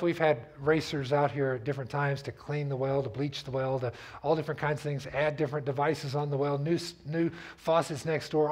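A man's voice: fairly high pitch, breathy edge. A man preaching a sermon as pastor, telling stories in a conversational way and asking the congregation to repeat after him. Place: church sanctuary.

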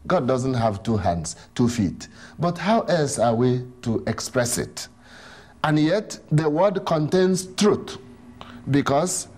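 A man explaining Catholic teaching in an emphatic, animated way, often asking rhetorical questions. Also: medium pitch.

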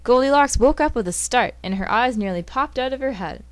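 A woman's voice: on the high side, expressive, fairly quick, dry recording. Woman reading a storybook aloud, dry sound. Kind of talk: storybook reading with math explanations.

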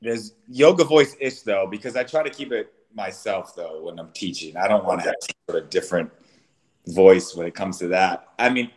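A man's voice: sits low, normal speed, a little mellow. Easygoing man guest. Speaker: guest, yoga instructor. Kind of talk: casual interview chat.

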